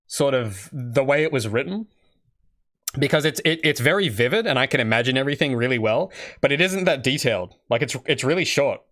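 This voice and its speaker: A young Australian man streams his indie game development, rambling casually and responding to chat. His voice is medium in pitch and a bit bright.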